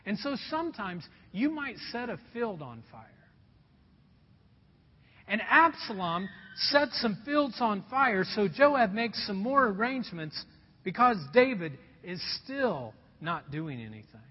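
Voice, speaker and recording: A man's voice: sits high, big pitch swings, takes it slowly, slightly rough. A man preaching a sermon, telling a personal story in an earnest way and calling his listeners folks. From Indiana, USA. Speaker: pastor. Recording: dull sound with long hall reverb.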